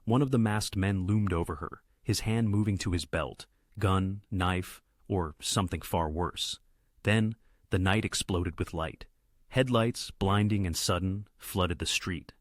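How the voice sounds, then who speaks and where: A man reading a dramatic story aloud in a steady narration. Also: low voice, a little slow, dry recording, studio quality.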